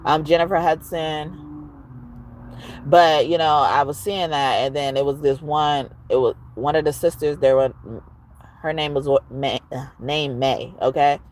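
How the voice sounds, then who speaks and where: A woman giving a casual, expressive tarot reading, at times reciting rhymes. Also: low-pitched, a little slow, a little hiss or hum. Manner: expressive, chatty, rhyming recital. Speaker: tarot reader.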